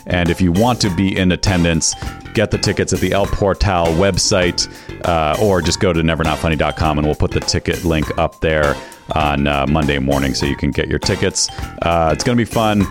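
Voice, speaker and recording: A man's voice: sits low, moderate pace, over music. A man hosting a podcast, plugging live shows and chatting casually, laughing easily. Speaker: podcast host. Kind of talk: casual podcast chat and show plugs.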